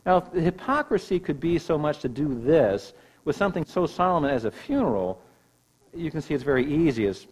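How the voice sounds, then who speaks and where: Man, pastor, sermon, emphatic teaching voice, mid pitch. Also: animated, fast talker, breathy edge, low-quality recording.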